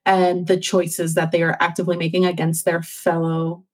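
A woman's voice: lowish voice, completely flat delivery, normal speed. A woman chatting casually on a podcast, rambling with many "like"s and restarts. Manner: rambling, heavy use of "like" and restarts. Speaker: podcast panelist. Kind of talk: casual chat.

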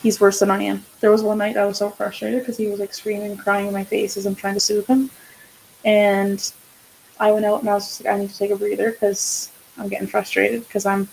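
A woman's voice: mid-range voice, completely flat delivery, a little fast, vocal fry, a little mellow, a little hiss or hum, poor audio. A woman co-hosting a casual podcast chat, speaking candidly and swearing freely as she tells stories and acts out quotes. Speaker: podcast co-host.

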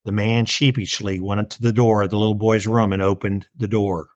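A man's voice: fairly low pitch, level tone, fairly quick, no room sound, muffled recording. Earnest man teaching a Bible lesson. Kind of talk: story reading and Bible lesson.

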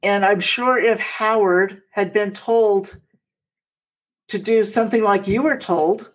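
A woman speaks slowly and thoughtfully, her voice mid-pitched. She reflects on prayer with gentle, halting starts. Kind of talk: reflective faith talk.

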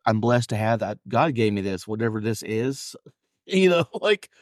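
A man's voice: fairly low pitch, expressive, normal speed, dry recording, studio quality. A man co-hosting a podcast, chatting casually in a rambling, upbeat way with lots of fillers. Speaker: podcast co-host. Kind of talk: casual chat.

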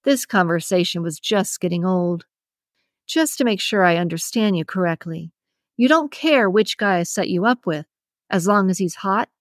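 A woman's voice: on the low side, lively intonation, moderate pace, no echo, close to an everyday voice. A woman reading a story, voicing a sensible young waitress who answers with wry, dry retorts.

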